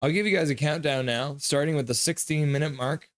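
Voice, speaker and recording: A man's voice: on the high side, steady tone. Man calling hockey play-by-play. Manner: brisk play-by-play, breaks into loud cheers. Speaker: live stream host calling the game. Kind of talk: live reaction play-by-play.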